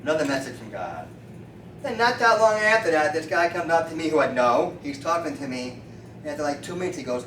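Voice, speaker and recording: A man in his fifties, a chiropractor, telling lively stories at a meeting and acting out the people he quotes. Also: fairly high pitch, fast. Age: 50s. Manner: animated storyteller acting out quoted voices. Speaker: chiropractor, featured speaker. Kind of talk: storytelling talk to a meeting. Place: meeting room. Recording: roomy, distant mic with faint noise.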